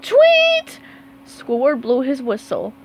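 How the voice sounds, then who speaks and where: A woman reading a children's storybook aloud in an expressive way. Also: on the high side, a little hiss or hum, low-quality recording. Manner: slow, expressive read-aloud. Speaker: storybook reader.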